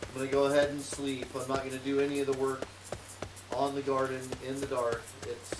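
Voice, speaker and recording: A man's voice: mid-range voice, completely flat delivery, fairly quick, over music. Man humming through chatty gameplay commentary. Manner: chatty, hums tunelessly to himself while working. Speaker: streamer playing a modded block game in VR. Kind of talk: casual let's-play commentary. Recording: roomy, distant mic with clear noise.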